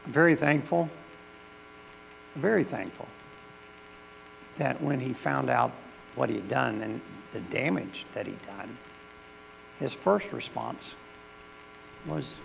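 Gravelly preacher man. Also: medium pitch, lively intonation, slow, pauses often. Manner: folksy storytelling, swelling to fervent preaching. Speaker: pastor. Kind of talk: sermon. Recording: long hall reverb with faint mains hum.

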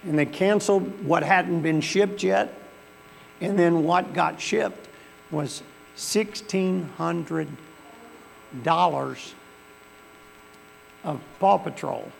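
A man's voice: a little high, slow, gravelly, pauses often. A male pastor, preaching a sermon in a church with folksy storytelling that swells into fervent preaching. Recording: long hall reverb with faint mains hum.

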